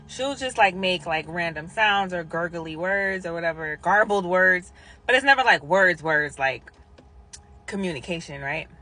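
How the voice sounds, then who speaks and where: Woman, casual storyteller vlog, bright voice, animated quote voices, drops to whispers. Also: slight background noise. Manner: animated, acts out quotes with big pitch jumps and whispers. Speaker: hospice nurse.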